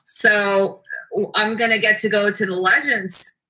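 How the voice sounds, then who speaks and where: Bright-voiced woman chatting playfully. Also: medium pitch, fairly even intonation, measured pace, rough recording. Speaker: co-host. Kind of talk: casual chat on a livestream.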